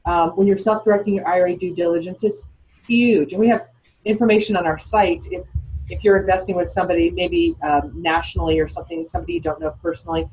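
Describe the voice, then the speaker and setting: A woman's voice: lowish voice, steady tone, quick pace, darkish tone, slightly rough, poor audio. A woman guest on a podcast interview, explaining things in a chatty way and posing questions to herself as she goes. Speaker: guest, founder of retirement account custodian.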